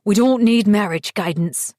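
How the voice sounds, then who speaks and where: A woman voicing a defensive, dismissive husband who brushes off his wife's accusations, speaking louder and brighter than her narration. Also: mid-range voice, moderate pace, dry recording, studio quality, natural voice. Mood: exasperated.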